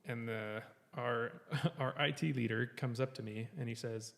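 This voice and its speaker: Gravelly, profane man telling a story. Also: medium pitch, steady tone, normal speed, hardly any pauses, fairly bright tone, long reverb tail. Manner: profane, laughing, quotes people animatedly. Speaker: podcast co-host telling a story. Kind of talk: casual storytelling chat.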